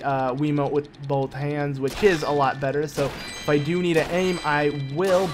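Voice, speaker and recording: Excitable young man commenting on gameplay. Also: on the high side. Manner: excitable, yelps and exclaims when startled. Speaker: let's play host. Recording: game music loud behind voice. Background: game music.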